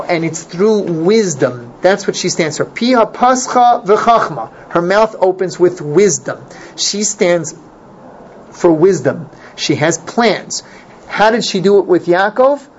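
A man teaching an informal Torah class, animated and repeating his points for emphasis. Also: fairly high pitch. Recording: dull lo-fi recording, faint noise.

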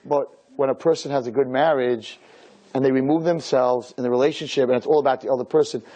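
A rabbi gives a spirited Torah lecture to a group, acting out short dialogues and rattling off rhetorical questions. His voice sits in the middle range and moves at a quick clip.

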